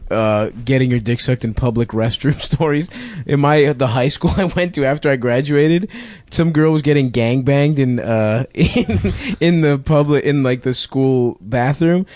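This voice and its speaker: A man's voice: medium pitch, measured pace, few pauses, a little mellow. A young man co-hosting a podcast, telling crude stories with frequent giggles. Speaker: podcast co-host. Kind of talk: casual chat.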